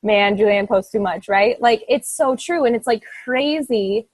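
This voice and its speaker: A woman's voice: a little high, unhurried, no echo, poor audio. A young woman coaching her fitness team, giving an earnest, emphatic motivational talk full of "like"s. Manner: earnest, emphatic, rambling with many "like"s.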